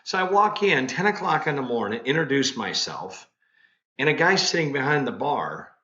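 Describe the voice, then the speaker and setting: A man's voice: medium pitch, very animated, normal speed, bright, forceful tone. A man in his sixties, a guest in casual chat, telling stories bluntly. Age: 60s. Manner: blunt storyteller. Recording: roomy, dull lo-fi sound.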